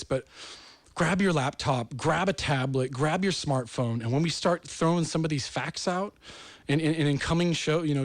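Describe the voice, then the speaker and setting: A man's voice: a little high, no room sound. A man from the United States hosting a talk show, delivering an earnest, rambling monologue that turns emotional. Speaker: host.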